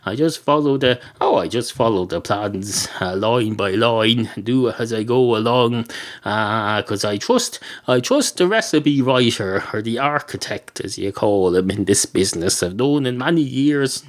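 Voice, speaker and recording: A man's voice: medium pitch, lively intonation, a little slow, lightly acted. A man voicing a lazy, rambling male building-site foreman who chats and wanders off topic. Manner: chatty, digressive, casual.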